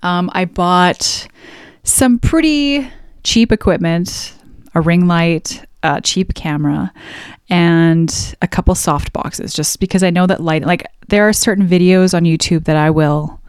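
A woman's voice: on the low side, measured pace, clean tone, dry recording, studio quality. A Canadian woman from Alberta chatting casually to her viewers as a YouTuber, rambling with lots of fillers and laughs. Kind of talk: casual vlog chat.

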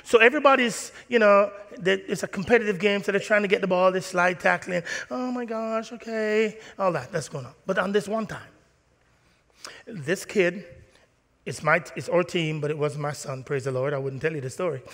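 A man preaching a sermon in a church, animated and playful, acting out little scenes. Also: high voice, moderate pace. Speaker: pastor. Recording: long reverb of a church hall.

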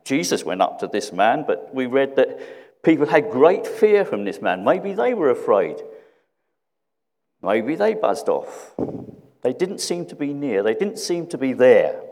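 A man preaching a sermon in a reflective way, often repeating questions and dropping to a hush. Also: medium pitch, sing-song, a little slow, in a large hall.

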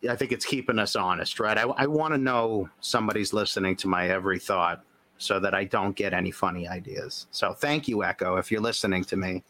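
A man's voice: low-pitched, brisk, bright, forceful tone. A man co-hosting a podcast in casual chat, teasing and mock-serious with dry humor. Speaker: podcast co-host.

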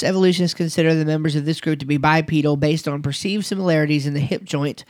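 A man's voice: a little high, dry recording. Man lecturing with many fillers, dry sound. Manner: conversational, with fillers and occasional laughs. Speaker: teacher. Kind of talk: recorded lecture.

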